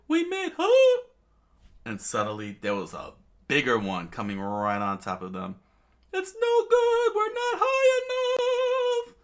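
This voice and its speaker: A man casually reading a comic aloud, halting with many fillers and restarts and chuckling now and then. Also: sits low, pushed and bright. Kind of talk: casual read-aloud narration.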